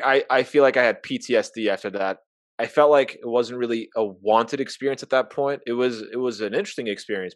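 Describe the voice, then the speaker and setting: A man's voice: fairly low pitch, dry recording. A young man telling an embarrassing personal story in casual chat, candid and self-mocking, acting out the dialogue.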